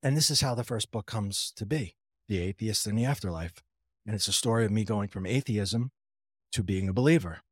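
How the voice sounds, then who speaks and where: A man's voice: lowish voice, brisk, breathy edge, no echo, studio quality. A man telling his personal story in a conversational way, retelling what others said with frequent restarts and wry, self-deprecating asides. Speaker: interview guest.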